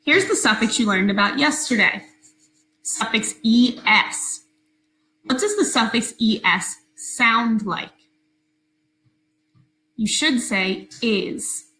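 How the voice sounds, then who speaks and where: A woman teacher giving a recorded phonics lesson to her class, speaking slowly, clearly and patiently. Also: a little high, animated, sharp tone, roomy sound, poor audio.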